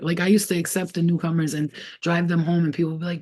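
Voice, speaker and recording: A middle-aged woman giving a casual tarot reading, talking in an expressive, slangy way and laughing often. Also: on the low side, quick pace. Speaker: tarot reader. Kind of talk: casual spiritual reading chat.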